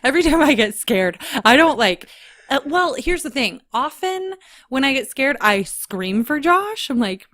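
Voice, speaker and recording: A woman co-hosting a podcast, telling a story in a giggly, animated way. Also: high voice, normal speed. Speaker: podcast co-host. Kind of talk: casual chat.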